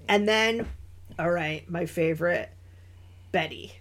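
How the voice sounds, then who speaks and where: High-voiced woman chatting about a film. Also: unhurried. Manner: animated, laughs often while talking. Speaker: podcast co-host. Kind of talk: casual chat reviewing a film.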